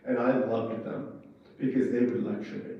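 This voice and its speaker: A man's voice: mid-range voice, fairly even intonation, normal speed, distant mic, lo-fi sound. Fervent man speaking in an echoey hall. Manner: fervent, worked up, emphatic. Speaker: conference speaker, former ambassador. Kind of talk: impassioned public speech. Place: conference room.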